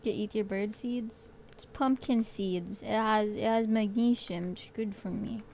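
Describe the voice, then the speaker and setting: A woman's voice: medium pitch, a little slow, gravelly, a little mellow, a little hiss or hum. A woman streaming as a vtuber while she paints, chatting playfully with her viewers and swearing casually. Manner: playful, swears casually, muses aloud to chat.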